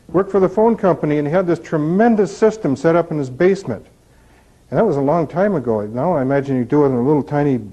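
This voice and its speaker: This recovery speaker's voice sits on the higher side and sounds mellow. He gives a relaxed talk built on frank personal stories and rhetorical questions, heard through a muffled, low-fidelity recording.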